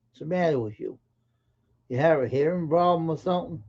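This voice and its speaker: A man's voice: on the high side, normal speed, lo-fi sound. A man hosting a live stream in casual chat, greeting viewers by name and teasing them in an offhand way.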